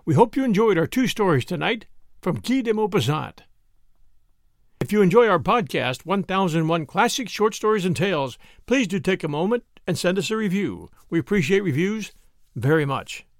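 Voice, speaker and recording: A man narrating a classic short story as the podcast's reader, in a measured storytelling manner. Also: sits high, sing-song, no echo, studio quality. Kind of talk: scripted narration.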